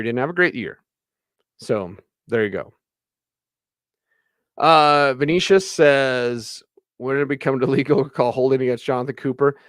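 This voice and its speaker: Male sports radio host, excitable and chatty, smooth clear voice, dry close mic. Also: mid-range voice, no echo. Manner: excitable, chatty, fast bursts. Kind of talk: live postgame show reading viewer comments.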